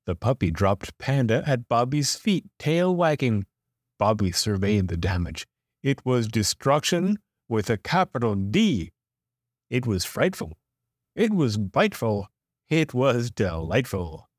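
A man reading a children's picture book aloud with expressive, playful emphasis. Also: medium pitch, measured pace, husky, no echo, studio quality. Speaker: storyteller.

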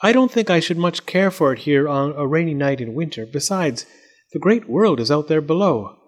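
A man's voice: fairly high pitch, expressive, normal speed, voice pushed up. A man voicing Zenobia, a prim old-fashioned doll. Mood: thoughtful. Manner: formal, ceremonious, faintly melancholy. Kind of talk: storybook read-aloud.

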